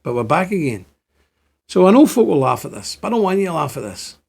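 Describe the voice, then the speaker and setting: Northern irish guy in his 50s ranting to camera, fairly high voice, keeps repeating himself and building up. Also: sing-song, fast, creaky, darkish tone, slightly rough. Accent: Ulster Scots-tinged Northern Irish. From Northern Ireland. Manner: impassioned, repetitive, rising to exclaim. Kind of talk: monologue to camera.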